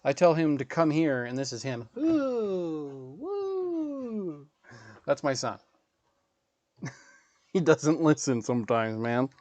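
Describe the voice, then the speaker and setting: A man's voice: mid-range voice, a little slow, pauses often, darkish tone, no echo, highs cut off. A man in his thirties, a gaming livestreamer, telling rambling, profane stories in casual chat.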